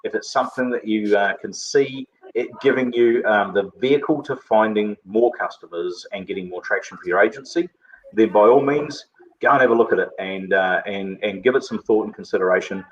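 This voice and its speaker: Low-voiced man hosting a rambling webinar. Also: fairly quick, muffled recording. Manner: rambling, many filler words. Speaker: host. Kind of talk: casual webinar chat.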